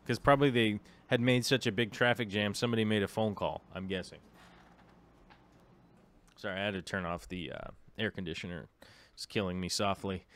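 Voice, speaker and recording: A man's voice: medium pitch, a bit bright. Rambling, chatty man vlogging. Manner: rambling, with many filler ums and restarts; chatty asides to the viewer. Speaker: aquarium vlogger. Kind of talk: casual vlog chat.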